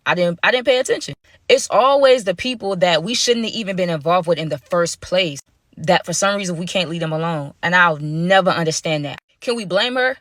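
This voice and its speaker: Young woman, casual storyteller, talks right to her viewers, slangy and lively, bright tone. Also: lowish voice, no echo. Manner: slangy, chatty, addresses viewers directly.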